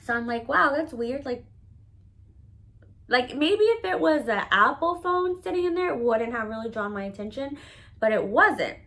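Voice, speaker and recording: A woman's voice: a little high, animated, normal speed, a bit bright. A woman vlogger telling a personal story in a casual, candid monologue. She swears freely and fills her talk with "like.". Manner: candid and profane, with many "like" fillers.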